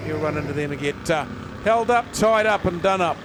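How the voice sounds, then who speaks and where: A man's voice: fairly high pitch, animated, fairly quick. A man giving live, folksy commentary on a speedway race. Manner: chatty, folksy, calls the action. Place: outdoor speedway. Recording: loud engine noise outdoors.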